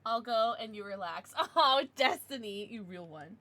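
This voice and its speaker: A woman's voice: fairly high pitch, lively intonation, a little slow, pushed and bright. A woman livestreaming, chatting casually with her viewers in a bubbly, giggly way with playful baby-talk asides.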